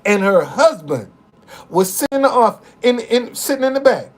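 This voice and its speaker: An older man telling a personal story in a casual, profane, animated way, often restarting and repeating words. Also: extremely high pitch, a little slow.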